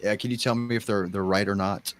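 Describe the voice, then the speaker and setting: An American man in casual podcast chat, teasing and deadpan as he rattles off jokes. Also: on the low side, quick pace. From United States.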